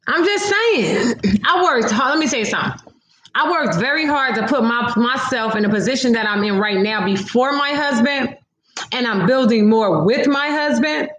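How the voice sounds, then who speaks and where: A sassy woman hosts a casual livestream, reading comments and talking straight to her viewers. Her voice sits a little high. The sound carries a noticeable room echo. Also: animated, normal speed, fairly bright tone.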